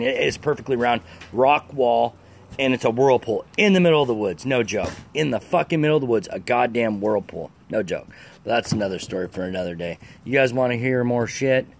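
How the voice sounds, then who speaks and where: A man's voice: medium pitch, fairly quick, gravelly, a little hiss or hum. A man telling a rambling, profane story in a casual vlog, full of fillers and swearing. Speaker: storyteller vlogger.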